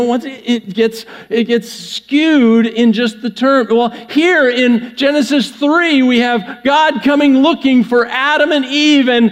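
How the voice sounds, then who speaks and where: High-voiced man preaching a sermon. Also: big-room sound. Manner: conversational, joking with the congregation. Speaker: pastor.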